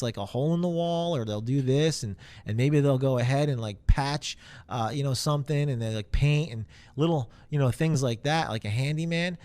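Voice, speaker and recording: Guy giving a casual sales training talk, rambly, lots of you know and um, average pitch. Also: darkish tone. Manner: conversational, rambling, many fillers.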